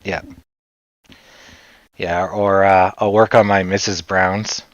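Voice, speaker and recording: With a low voice that barely moves in pitch, a Canadian man takes his time chatting on a casual livestream. The dull lo-fi audio has no room sound, and he rambles, jokes around and laughs a lot.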